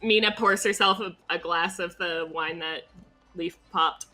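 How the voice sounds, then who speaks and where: A woman's voice: fairly low pitch, steady tone, measured pace, pushed and bright, faint music behind. A woman playing a tabletop game, chatting playfully and often laughing. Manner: giggly, playful. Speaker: player. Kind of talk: casual chat while playing a tabletop game.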